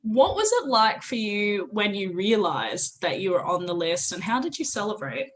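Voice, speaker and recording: A woman's voice: mid-range voice, sing-song, moderate pace. A woman hosting an interview over a video call, effusive and teasing. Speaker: host. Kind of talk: casual interview chat.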